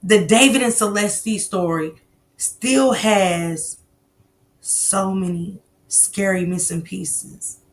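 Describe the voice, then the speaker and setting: A woman hosting a casual live stream, telling stories loudly and animatedly with slang and swearing. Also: mid-range voice, takes it slowly.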